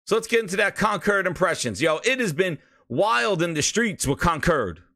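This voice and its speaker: A man with a New York accent, hosting a casual gaming show, with hype-man shouting and loose, rambling talk that repeats itself. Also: high voice, animated, moderate pace, dry recording, studio quality. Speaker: podcast host.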